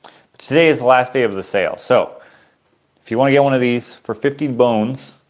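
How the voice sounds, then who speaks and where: A man's voice: medium pitch, moderate pace. A man from Canada, an artist chatting casually and rambling on a livestream while selling his prints. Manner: rambling, easygoing, chuckles at himself.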